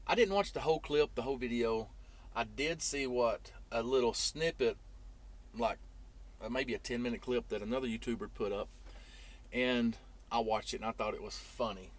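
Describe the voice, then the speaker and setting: Trucker dude rambling thru a story on his vlog, gets animated quoting people. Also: medium pitch. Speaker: trucking YouTuber.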